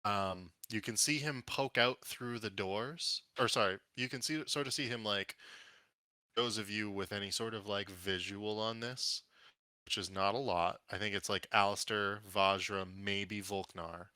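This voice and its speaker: Male game master, lowish bright voice, relaxed rules talk, dry close sound. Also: a little slow, smooth, dry recording. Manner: relaxed, explains rules with fillers. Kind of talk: narrating a tabletop game.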